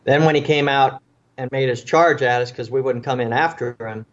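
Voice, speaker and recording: A man's voice: medium pitch, normal speed, muffled recording. Earnest man telling a vivid story. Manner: earnest, vivid storytelling that acts out what people said. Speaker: interview guest, former police officer. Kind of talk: recounting a personal story in an interview.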